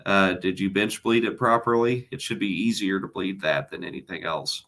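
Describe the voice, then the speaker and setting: A man hosting a casual livestream Q&A who reads viewer questions aloud and answers them with dry, deadpan humor. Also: sits low, normal speed.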